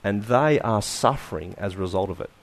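A male preacher delivering a sermon with a very lively, swinging pitch. He keeps asking his listeners rhetorical questions and lets many phrases sink to soft, quiet endings. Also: brisk.

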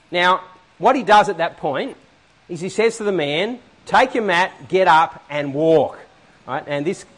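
A man preaching a sermon in a church hall, animated and often asking the congregation questions. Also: high voice.

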